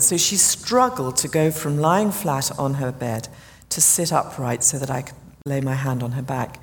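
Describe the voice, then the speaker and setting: A woman guest telling a story about her prayer ministry, animated and rising high when excited. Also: moderate pace, long reverb tail, a little hiss or hum. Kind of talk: storytelling interview.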